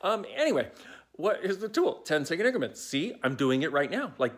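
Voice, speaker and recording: A man's voice: a little high, very animated, brisk. A man in his forties talking casually to a phone held at arm's length, playful and prone to digressions, coaching his viewers. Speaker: self-help speaker. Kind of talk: casual talk to camera.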